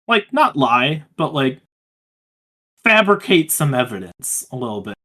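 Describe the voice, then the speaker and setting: A man's voice: mid-range voice, very animated, a little slow, sharp tone. A man co-hosting a podcast in casual chat over a voice call, enthusiastic and full of fillers. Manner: enthusiastic, hype-driven, filler-heavy. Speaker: podcast co-host.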